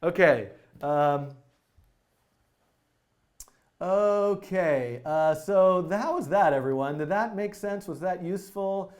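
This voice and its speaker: Excitable rambling man live-streaming code. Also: high-pitched, unhurried. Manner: excitable, rambling, many fillers and restarts. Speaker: coding tutorial host. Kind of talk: live-stream coding tutorial. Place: indoor studio.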